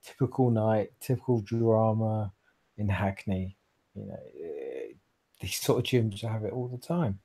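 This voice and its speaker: A man's voice: on the low side, steady tone, normal speed, mellow. Casual male game master narrating. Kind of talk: narrating a tabletop role-playing game.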